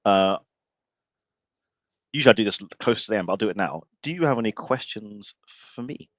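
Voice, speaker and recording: A man's voice: fairly low pitch, animated, moderate pace, a bit bright, no echo, muffled recording. A man hosting a casual live show, talking bluntly and animatedly and swearing freely. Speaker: podcast host. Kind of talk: casual livestream chat.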